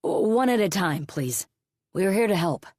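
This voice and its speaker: A woman voicing a calm male private investigator in an audiobook, reassuring in tone. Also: mid-range voice, unhurried, no echo, studio quality, pitched above the performer's own voice.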